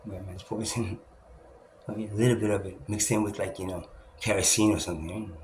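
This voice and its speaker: A man's voice: on the low side, steady tone, fast talker. A man talking in a rambling self-recorded monologue, restarting often, swearing and laughing as he puts on other people's voices. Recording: echoey room with loud ambient noise.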